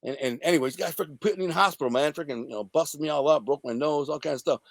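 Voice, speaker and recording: Fast-talking profane storyteller man. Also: a little high, creaky, no echo. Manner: profane, rambling, animated. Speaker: interview guest. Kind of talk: casual storytelling.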